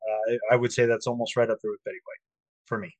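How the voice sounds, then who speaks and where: A man's voice: fairly low pitch, flat delivery, fast talker, dry recording. A man co-hosting a casual podcast over a video call, crude and profane, mocking and ranting. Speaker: podcast co-host. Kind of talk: casual chat.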